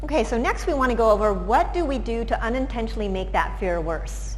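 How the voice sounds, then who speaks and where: A woman's voice: on the high side, animated, fairly quick. A woman giving a presentation, explaining in a conversational way with examples. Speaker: lecturer. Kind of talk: presentation talk. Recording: reverberant hall, faint background noise.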